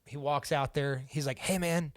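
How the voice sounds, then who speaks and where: A man's voice: fairly high pitch, steady tone, normal speed, no room sound. A young man from Central Indiana, a podcast guest casually telling a personal story, swearing freely and acting out what others said. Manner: casual and profane, acts out the quoted lines.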